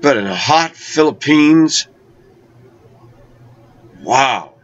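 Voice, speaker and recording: A man telling a personal travel story in a conversational way, slowing down to draw out key words. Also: medium pitch, expressive. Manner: conversational, with slow, drawn-out emphasis. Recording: dull lo-fi recording.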